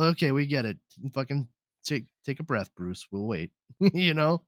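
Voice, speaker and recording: A man's voice: mid-range voice, normal speed, no echo, studio quality. Rambling, cursing podcast man. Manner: rambling, profane, animated. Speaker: podcast host. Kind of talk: casual chat.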